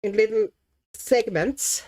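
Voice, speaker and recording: A woman from Latvia hosting a relaxed livestream, chatting easily, reading comments, and thinking aloud as she colours. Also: a little high, slow, breathy edge. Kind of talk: casual livestream chat.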